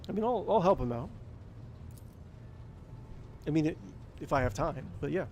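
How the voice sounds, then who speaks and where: A man's voice: on the high side, animated, moderate pace, long pauses, darkish tone, a little hiss or hum. A man playing a role-playing game, chatting casually and hesitantly between reading dialogue aloud. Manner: casual, hesitant, lots of ums. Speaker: gaming video creator.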